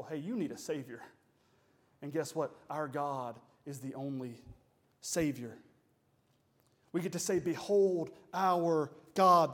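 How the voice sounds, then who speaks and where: A man delivers a Sunday sermon from the pulpit. His voice sits a little high and moves between quiet, deliberate phrases and rising, forceful declarations. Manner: preaching with dynamic swells and pauses, uses "y'all". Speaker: pastor.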